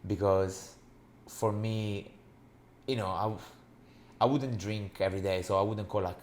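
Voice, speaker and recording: A man co-hosting a podcast, speaking reflectively with many pauses and fillers. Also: lowish voice, steady tone, darkish tone, a little hiss or hum. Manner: hesitant, lots of fillers, reflective. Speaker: podcast co-host, men's coach. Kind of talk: casual chat.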